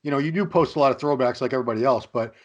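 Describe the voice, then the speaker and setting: A man's voice: medium pitch, rapid-fire, lo-fi sound. A man hosting an interview, chatty, asking long looping questions. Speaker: interview host, magazine editor. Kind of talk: casual interview talk.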